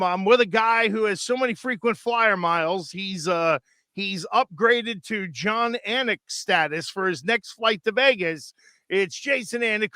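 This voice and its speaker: A man's voice: high-pitched, sharp tone, dry recording, studio quality. A middle-aged man hosting a sports podcast, rambling and chatty with many fillers and restarts. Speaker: sports radio host. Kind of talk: casual podcast chat.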